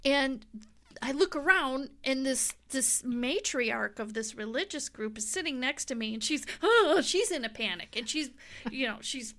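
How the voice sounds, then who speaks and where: Middle-aged woman guest with a bright, clear voice, a fairly high pitch, an animated storyteller. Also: measured pace. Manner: animated, laughs often, acts out quotes. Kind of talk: casual storytelling.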